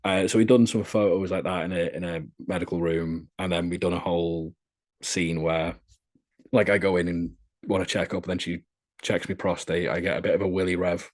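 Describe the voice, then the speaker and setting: Speaking briskly in a deep, level voice, this young man from Britain is an adult content creator being interviewed on a relaxed podcast. He tells frank, crude stories in a chatty way, with plenty of coarse jokes.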